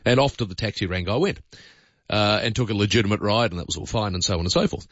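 An Australian man hosts talkback radio in a rambling, opinionated chat full of fillers. His voice sits on the low side and sounds dry and close. The broadcast audio is dull and lo-fi. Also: fast talker, fairly bright tone, no echo.

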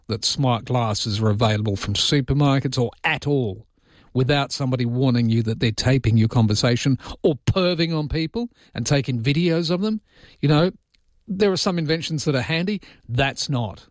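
A man's voice: medium pitch, no room sound. A man with a Welsh accent and a slight lisp, hosting talkback radio, chatty as he reads out listener texts and gives firm opinions from a studio mic. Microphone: studio microphone.

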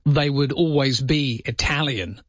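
A radio host from England, keeping a steady line of questions going with a caller and calmly pushing back. His voice is dry and close to the mic, with a slightly dull, lo-fi broadcast tone. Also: mid-range voice, measured pace, no room sound. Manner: probing, patient questioning, pushes back calmly. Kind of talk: radio call-in debate.

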